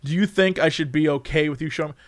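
A man's voice: a little high, fast, no room sound, studio quality. A young man hosting a casual chat, reading quiz questions aloud and joking about the answers, with some swearing. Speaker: host.

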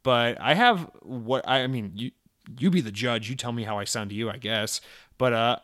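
A man's voice: mid-range voice, moderate pace, fairly bright tone, no echo, studio quality. A young man from Georgia with a plain General American accent, a podcast host answering listener letters in a rambling, sarcastic, profane chat. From Georgia, USA. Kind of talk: casual chat.

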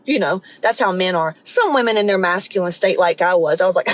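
A woman's voice: fairly low pitch, animated, fairly quick, few pauses, rough recording. A middle-aged woman, hosting a podcast and telling a story in a blunt, profane, casual way. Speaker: podcast host. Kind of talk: casual monologue.

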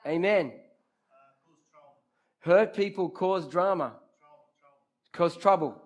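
This youth group preacher speaks slowly in a high-pitched voice, and the recording has its highs cut off. His interactive sermon is lively and direct: he calls on listeners by name and repeats key phrases for emphasis.

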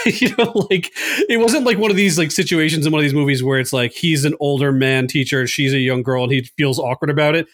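A man recapping a movie in casual podcast chat, animated, laughing often and full of fillers. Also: fairly high pitch, fairly quick. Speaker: podcast co-host.

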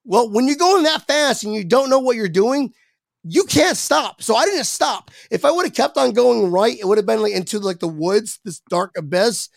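A man's voice: very high-pitched, animated, moderate pace, vocal fry, no room sound. A young man casually telling a long, rambling, self-mocking story, swearing freely and acting out his own lines. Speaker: podcast guest.

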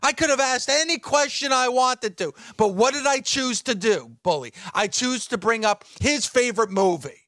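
A man's voice: extremely high pitch, lively intonation, normal speed, few pauses, a bit bright, dry recording, clean studio sound. A man co-hosting a talk radio show, defensive and insistent, repeating his points in heated banter.

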